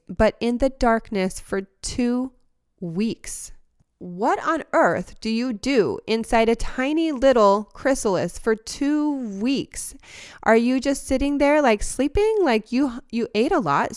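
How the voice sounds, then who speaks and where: A woman hosting a podcast who talks in an earnest, heartfelt, reflective monologue and sometimes laughs softly or restarts a phrase. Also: fairly high pitch, clean tone, no room sound, clean studio sound. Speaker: podcast host.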